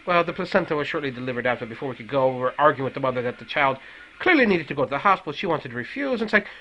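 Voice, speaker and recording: A man's voice: medium pitch, very fast, muffled recording, a little hiss or hum. A man with an Irish accent, a paramedic telling a work story as a profane, swearing rant. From Ireland. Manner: animated, swearing heavily.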